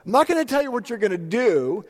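A man voicing God as a calm, commanding deity during a sermon, with solemn declarations. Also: very high-pitched, fast talker, full character voice. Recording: long hall reverb.

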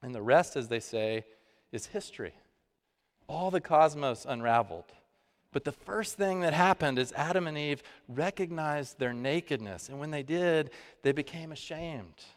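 A pastor giving a conversational sermon, with dramatic pauses. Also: male voice, a little high. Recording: long hall reverb.

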